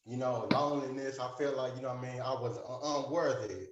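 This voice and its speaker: A man's voice: mid-range voice, fairly even intonation, a little fast, reverberant, highs cut off. A man telling a long personal story in a support group, rambling, with lots of fillers, and acting out the conversations he recalls. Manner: rambling, filler-heavy, acts out the dialogue he retells. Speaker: group member sharing his story.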